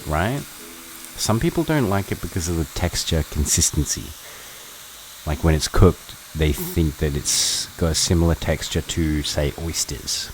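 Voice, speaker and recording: A man with a strikingly deep, low voice chats loosely with his viewers while he cooks at home. His talk is relaxed and offhand, with some casual swearing. A pan sizzles faintly in the background. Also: slight background noise, low-quality recording. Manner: relaxed, chatty, answers chat while cooking, swears casually. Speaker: livestream cooking host. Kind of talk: casual live-stream chat. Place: home kitchen.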